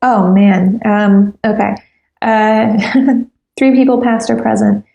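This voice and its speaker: A woman's voice: mid-range voice, little pitch movement, slow, vocal fry, warm tone, roomy sound, highs cut off. A woman guest on a podcast interview, talking earnestly and resolutely with many ums.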